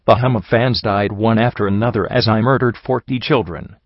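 A man with a low voice narrates a first-person story, measured and somber. The recording is dull and close, with no room sound. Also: fairly even intonation, dry recording. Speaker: audiobook reader.

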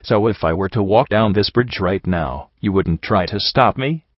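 A man's voice: lowish voice, expressive, normal speed, no echo. A man voicing an angry young mare from the wasteland in an audiobook reading, with a furious, accusing manner. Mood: tense. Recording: dull lo-fi dry recording.

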